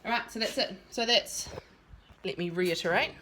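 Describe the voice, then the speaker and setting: A woman's voice: mid-range voice, normal speed, pushed and bright, reverberant, recorded from a distance. A woman fitness coach at home, talking through workout moves while she demonstrates them. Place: home room.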